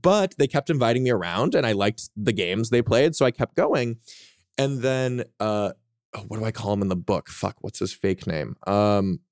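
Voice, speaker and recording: A man on a podcast as a guest author, telling his story in a frank, casual way, with quick self-mocking asides and plenty of swearing. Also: lowish voice, animated, a little mellow, no echo, studio quality.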